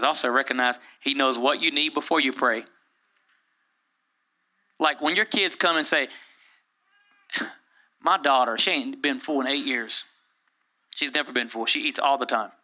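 Preaching with a slightly high voice, the pastor keeps the sermon animated and conversational. Whenever he quotes someone, he raises his voice to play the part.

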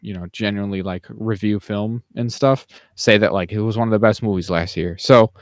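A man's voice: fairly low pitch, steady tone, brisk, no echo, studio quality. A man co-hosting a podcast in casual chat, rambling with many fillers and restarts. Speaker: podcast co-host.

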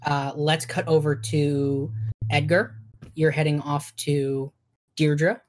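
A woman's voice: low-pitched, steady tone, slow, slight background noise. A woman narrating as game master, loose and hesitant with many fillers.

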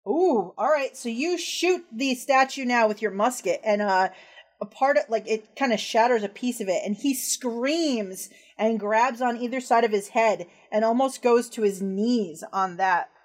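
A woman's voice: on the high side, a little slow. A woman narrating as game master of a tabletop horror game, casual and descriptive, with frequent fillers.

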